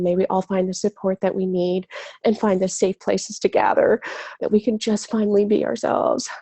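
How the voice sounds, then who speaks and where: A woman with a cold hosts a spiritual webinar in loose, chatty talk. Her voice is gravelly and mellow, and she gushes through plenty of fillers and the odd swear word. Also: medium pitch. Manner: gushing, chatty, swears casually, many fillers. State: has a cold. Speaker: spiritual coach hosting a webinar. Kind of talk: casual live webinar talk.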